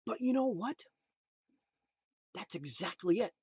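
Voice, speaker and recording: A man's voice: high voice, animated, measured pace, breathy edge, dry recording. Emphatic motivational speaker man, dry sound. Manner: preachy, emphatic, swings between loud punches and quiet asides. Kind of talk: motivational talk.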